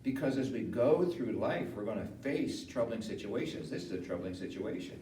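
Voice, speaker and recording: A man preaching a funeral sermon in a conversational way that rises to animated emphasis. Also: lowish voice, normal speed. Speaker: pastor. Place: funeral home chapel. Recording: echoey room from far off, faint hiss.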